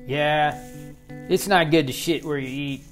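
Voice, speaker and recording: A man's voice: fairly high pitch, a little slow, faint music behind, lightly acted. A man doing a crude, teasing football buddy. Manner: crass, teasing, egging on.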